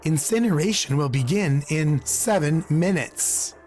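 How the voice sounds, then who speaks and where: Man reading as a machine countdown voice, flat, announcing, slow. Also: a little high, soft background music.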